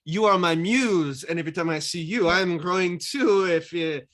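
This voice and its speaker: A man's voice: high-pitched, moderate pace, crowd noise, close to an everyday voice. A man playing an amorous French ex-lover in a put-on French accent, hammy and pleading, over a video call.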